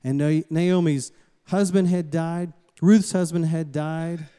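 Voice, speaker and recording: A man from the States, preaching a sermon as a pastor and calling out to the congregation in a lively storytelling way. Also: on the high side, takes it slowly, clean tone. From Southern United States. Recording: long hall reverb.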